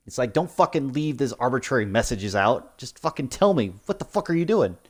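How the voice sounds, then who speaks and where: A man's voice: mid-range voice, expressive, a little fast. A young man ranting in post-game commentary, swearing often and mocking the story with sarcastic put-on quotes. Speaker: gaming YouTuber.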